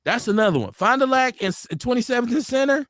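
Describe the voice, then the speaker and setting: A man's voice: very high voice, lively intonation, quick pace, a bit bright, no echo, studio quality. A middle-aged man from Milwaukee hosting a casual live-stream talk show, telling street stories with blunt, profane slang. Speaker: radio show host.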